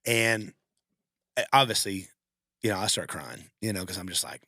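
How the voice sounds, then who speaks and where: A man's voice: lowish voice, lively intonation, moderate pace, pushed and bright, no echo, clean studio sound. A man co-hosting a podcast, telling a heartfelt personal story in a rambling, emotional way with many restarts. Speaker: podcast co-host. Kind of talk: casual storytelling.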